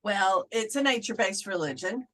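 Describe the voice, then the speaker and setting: A woman's voice: mid-range voice, animated, moderate pace, fairly bright tone, poor audio. A middle-aged woman, a Wiccan clergy member, talking casually in an interview and slipping into playful voices when she quotes people.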